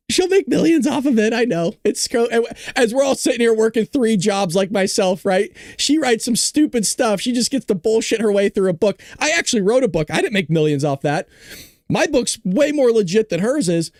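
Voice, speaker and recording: A man's voice: high-pitched, big pitch swings, moderate pace, a little mellow, dry recording, clean studio sound. A podcast host reading an article aloud and mocking it, breaking into laughter as he goes.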